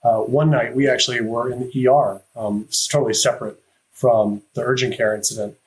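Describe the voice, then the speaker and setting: A professional golfer talking on a podcast, halting, with many fillers and restarts. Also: male voice, mid-range voice, fairly even intonation, poor audio. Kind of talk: casual podcast chat.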